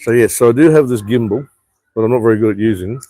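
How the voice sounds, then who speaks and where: A man's voice: medium pitch, quick pace, warm tone, no echo. A man chatting on a rambling live stream from an outdoor rooftop bar, swearing freely and reading out viewer comments. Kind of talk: casual live stream chat.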